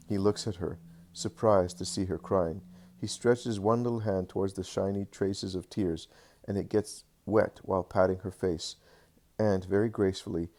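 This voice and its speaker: A man giving a slow, earnest scripted narration of a devotional text, with the occasional small slip. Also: low-pitched, darkish tone.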